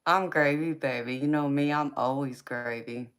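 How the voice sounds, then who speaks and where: A woman's voice: extremely low pitch, normal speed, smooth. A woman chatting with viewers on a live tarot stream, teasing and folksy, laughing often. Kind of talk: casual live chat with viewers.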